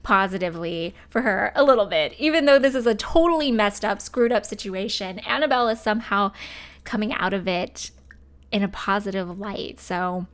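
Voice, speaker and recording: A woman's voice: medium pitch, moderate pace. Chatty woman doing let's play commentary, medium voice, lots of fillers. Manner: chatty and expressive, full of fillers. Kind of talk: casual gameplay commentary.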